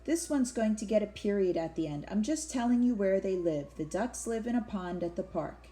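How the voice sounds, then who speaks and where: A woman's voice: mid-range voice, expressive, moderate pace. A woman teacher giving an online classroom lesson, patiently explaining and asking then answering her own questions.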